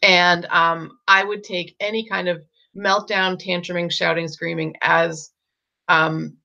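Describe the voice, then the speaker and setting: Middle-aged woman, parenting coach, low gravelly voice, muffled lo-fi sound, chatty with lots of ums. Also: little pitch movement, takes it slowly, sharp tone. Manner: thinks aloud with many ums and restarts. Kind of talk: casual advice talk. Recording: dull lo-fi recording.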